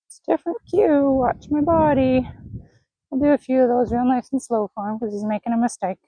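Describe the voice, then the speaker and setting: A woman horse trainer in an outdoor arena, gently praising and coaxing a horse while explaining her training to viewers. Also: high voice, steady tone, a little fast, slightly rough, no room sound, low-quality recording.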